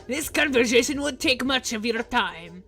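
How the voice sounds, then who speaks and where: A man's voice: very high voice, expressive, normal speed, gravelly, pushed and bright, faint music behind, pitched above the performer's own voice, exaggerated voice. A woman voicing a mysterious masked man in a game, speaking formally and cryptically in a theatrical put-on accent. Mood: courtly.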